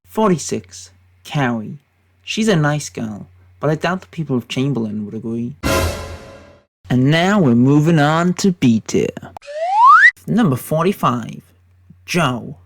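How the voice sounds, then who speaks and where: Brief: British guy faking an American accent, gravelly, deadpan mock-serious ranking rants. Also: fairly high pitch, unhurried, long pauses, loud music behind the voice. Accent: put-on American accent. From Britain. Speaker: YouTube commentator. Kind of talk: satirical tier-list commentary.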